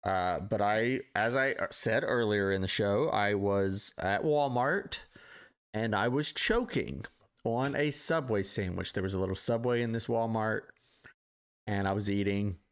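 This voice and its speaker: A man's voice: fairly low pitch, a little slow, clear, resonant tone. Easygoing man co-hosting a chat show. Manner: easygoing, with "uh" fillers and restarts. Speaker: podcast co-host. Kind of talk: casual chat, reading listener topics. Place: live-streamed podcast studio.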